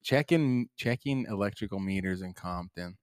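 A man's voice: low-pitched, moderate pace, a little mellow, clean tone, no room sound. A man co-hosting a podcast in casual chat, laid-back and jokey, cutting in with quips and short reactions. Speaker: podcast co-host.

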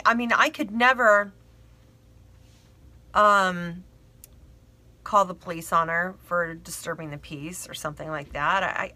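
A woman's voice: medium pitch, pushed and bright. A woman telling a personal story in a rambling, frank way with lots of fillers and the odd swear.

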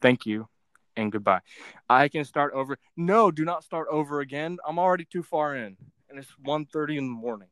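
A man's voice: a little high, expressive, brisk, fairly bright tone, clear, resonant tone, no echo. A young man hosting a casual podcast chat. He rambles, giggles often and teases as he reads out what his guest types. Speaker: podcast host.

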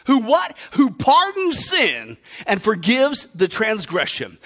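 High-pitched, animated man preaching. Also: normal speed, hardly any pauses. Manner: emphatic, with rhetorical questions and sudden hushes. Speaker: pastor. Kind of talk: sermon.

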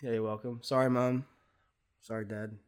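A man's voice: medium pitch, level tone, moderate pace. A young man in his twenties, a podcast co-host, telling a rambling story in casual chat, full of fillers.

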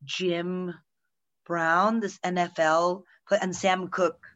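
A woman's voice: on the low side, little pitch movement, slow pace, a bit bright, highs cut off. A woman co-hosting a casual chat, sharing strong opinions in a loose, rambling flow full of asides.

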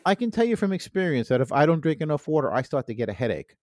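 A wisecracking man co-hosts a comedy podcast, slipping in cheeky innuendo and mock offense. His voice sits fairly high. The close mic sounds dry and dead. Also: very animated, fast talker, a little mellow, no room sound. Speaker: podcast co-host. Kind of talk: joking banter.

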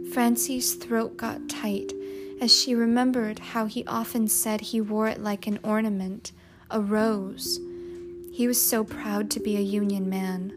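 A woman reading a story aloud in a measured, expressive way. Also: medium pitch. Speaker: narrator. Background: music.

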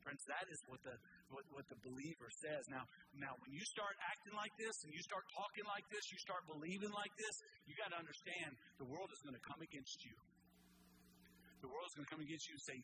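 A man's voice: sits high, fairly quick. A man preaching a sermon as a pastor, emphatic and stressing points by repeating phrases. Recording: clear steady background noise.

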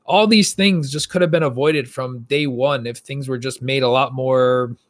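A man co-hosting a gaming podcast, chatting casually and telling stories with animated asides. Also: medium pitch, moderate pace. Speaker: podcast co-host.

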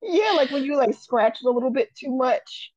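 A woman's voice: high voice, animated, normal speed, darkish tone, dry recording, muffled recording. A woman co-hosting a casual gossip podcast, blunt and profane, telling the story with jokes. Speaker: podcast co-host.

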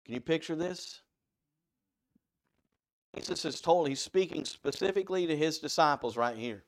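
A man preaching a conversational sermon, animated and full of rhetorical questions to his listeners. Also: fairly high pitch, moderate pace.

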